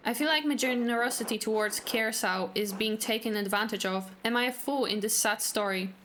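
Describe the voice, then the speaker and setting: A woman's voice: fairly high pitch, brisk, fairly bright tone, slight background noise, lightly acted. A woman voicing a demanding male nobleman patron in a game, speaking with lordly disappointment. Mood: aggrieved. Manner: lordly, aggrieved.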